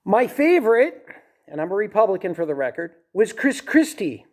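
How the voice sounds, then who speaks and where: Guy with a high voice venting on camera in a big warehouse, frustrated and pushy. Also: sing-song, moderate pace. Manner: frustrated, rising and insistent when aggrieved. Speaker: vlogger telling his own story. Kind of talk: personal vlog monologue. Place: large warehouse.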